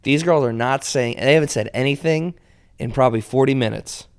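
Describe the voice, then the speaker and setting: A male comedian telling stories in a relaxed podcast chat. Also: medium pitch, a little fast, clean tone. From moved to New York at seventeen. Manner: animated storyteller, shouts when quoting. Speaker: stand-up comedian guest. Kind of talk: casual podcast storytelling.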